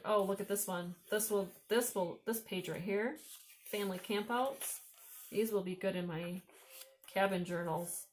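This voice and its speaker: A woman's voice: medium pitch, a little hiss or hum. A woman with an Upper Midwest American accent, chatting casually as she shows off vintage books she found at thrift stores and admires the pictures while thinking aloud. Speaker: vlogger showing thrift finds. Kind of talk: casual show-and-tell.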